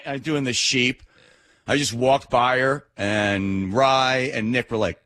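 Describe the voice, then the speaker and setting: A middle-aged man hosting a talk radio show, telling a story in an animated, indignant rant. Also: mid-range voice, a little fast, dry recording. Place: radio studio.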